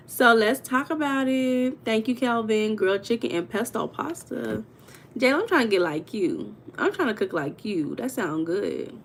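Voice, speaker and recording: A young woman hosting a casual livestream, chatting with viewers, greeting them by name and telling stories with lively emphasis. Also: medium pitch, a little hiss or hum. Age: young adult. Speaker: livestream host.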